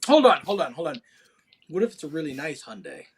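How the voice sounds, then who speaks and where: A man's voice: fairly high pitch, big pitch swings, brisk, husky. A man in a casual podcast chat who reads out questions and swears in surprise.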